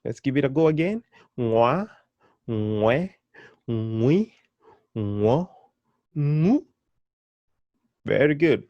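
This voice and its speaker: A man's voice: medium pitch, lively intonation, extremely slow, pauses often, no echo, highs cut off. A man teaching a beginner pronunciation lesson, patient and encouraging, repeating syllables one by one. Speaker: language teacher.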